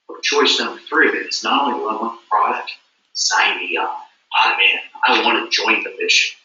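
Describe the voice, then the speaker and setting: A man's voice: mid-range voice, moderate pace, sharp tone. A man giving a motivational stage speech at a company event, emphatic and repetitive. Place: large event hall. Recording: echoey hall from far off, dull.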